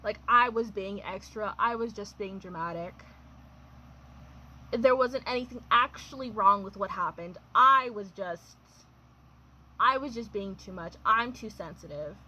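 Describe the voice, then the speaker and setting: A woman's voice: mid-range voice, unhurried, bright, forceful tone, a little hiss or hum, low-quality recording. A young adult woman telling a personal storytime in a chatty, wry way, full of fillers and laughs. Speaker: vlogger. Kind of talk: casual storytime.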